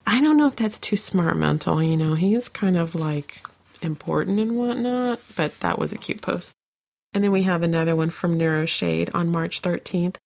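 A woman with a fairly low, gravelly voice, her throat sore from coughing, co-hosts a podcast at a normal pace. She reads listener comments aloud in a chatty way and laughs often, recorded on a home podcast microphone.

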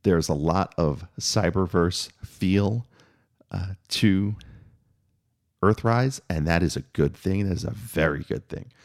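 A man with a very low, gravelly voice talks through a review. He is opinionated but measured, and he pauses often on fillers and restarts his sentences. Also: a little mellow. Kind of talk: spoken review monologue.

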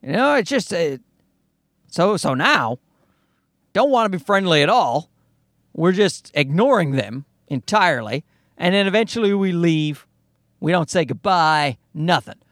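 A man's voice: fairly high pitch, animated, a little slow, pauses often, fairly bright tone, no room sound, studio quality. A man, likely in his thirties, telling a comic story as a profane, exasperated rant.

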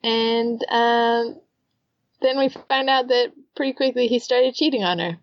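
A woman's voice: mid-range voice, dry recording, highs cut off. A woman co-hosting a podcast, chatting casually and recapping a story at length, laughing often. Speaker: podcast co-host. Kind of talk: casual chat.

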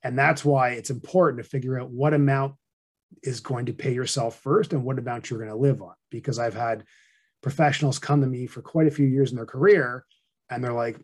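A middle-aged man, a financial advisor, talking through money habits in a casual podcast interview with a fairly monotone, plain-spoken delivery. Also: mid-range voice, a little fast, breathy edge.

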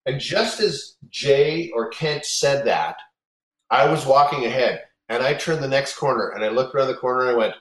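A man's voice: medium pitch, normal speed. Rambling, profane male storyteller in a roomy space. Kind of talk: casual chat. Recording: roomy echo.

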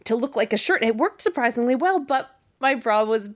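A woman's voice: on the high side, expressive, fairly quick. A woman hosting a casual interview, bubbly and teasing, laughing often. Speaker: podcast host.

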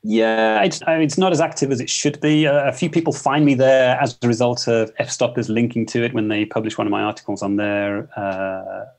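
Gravelly-voiced man. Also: medium pitch, steady tone, brisk, few pauses. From England. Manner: thoughtful, hesitant, many restarts. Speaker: photographer guest. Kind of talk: casual interview talk.

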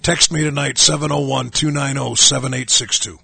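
Gravelly older pastor hosting radio. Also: male voice, medium pitch, steady tone, bright, forceful tone, dry recording. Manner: rambling, halting with many fillers. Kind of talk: casual radio talk.

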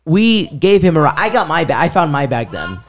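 Man, podcast co-host, lively storyteller, swinging pitch, does voices in his anecdotes. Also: fairly quick, slight background noise. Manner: animated, acts out quoted voices, laughs mid-story. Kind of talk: casual storytelling chat.

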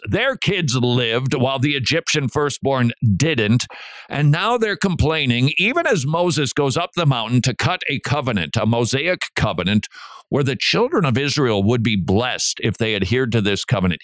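A middle-aged man hosting a Christian radio talk show, preaching in an animated way with asides and restarts. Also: medium pitch, no echo, clean studio sound. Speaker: radio host.

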